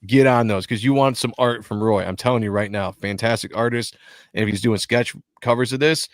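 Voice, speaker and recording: A man co-hosting a casual comic book review show, jokey and animated, often acting out dialogue from the pages. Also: mid-range voice, brisk, no room sound, clean studio sound. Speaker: podcast co-host.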